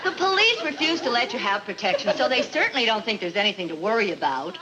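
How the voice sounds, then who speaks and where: An actress playing a level-headed friend calming a panicky neighbor in a 1950s TV sitcom. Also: female voice, fairly high pitch, quick pace, lo-fi sound, some chatter behind. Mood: soothing. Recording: old TV soundtrack with loud studio audience laughter and hiss.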